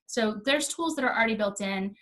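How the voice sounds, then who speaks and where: A woman of middle pitch gives an interview as a technology trainer. She explains things clearly and practically, in a friendly and plain manner. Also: brisk, a bit bright. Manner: clear, practical, laughs easily. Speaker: guest, Microsoft Office trainer.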